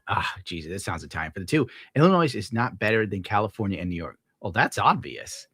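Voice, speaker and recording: A man's voice: fairly low pitch, big pitch swings, brisk, few pauses, fairly bright tone, breathy edge, no room sound. A young man streaming live, reading out viewer tips and ranting casually with lots of swearing. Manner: profane, ranting, gets worked up. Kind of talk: casual livestream chat.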